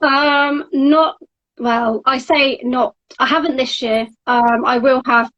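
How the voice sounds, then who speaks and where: A woman answers hesitantly in short, halting phrases, her voice a bit high. The sound is dull and lo-fi, as if through a cheap connection. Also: fairly even intonation, slight background noise. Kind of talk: casual live stream chat.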